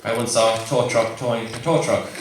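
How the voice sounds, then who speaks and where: A man's voice: mid-range voice, fairly even intonation, brisk. A man doing a rambling, self-mocking stand-up set while tipsy, laughing at his own jokes. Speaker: stand-up comedian. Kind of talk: stand-up routine. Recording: echoey live room, mic far off, noisy.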